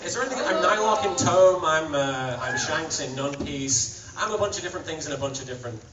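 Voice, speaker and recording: A man's voice: fairly high pitch, expressive, fairly quick. A British man from England speaking at a convention panel, self-deprecating and stammering through restarts with frequent laughs. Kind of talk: casual convention panel talk. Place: large convention hall with audience. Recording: roomy, distant, muffled fan recording in loud crowd.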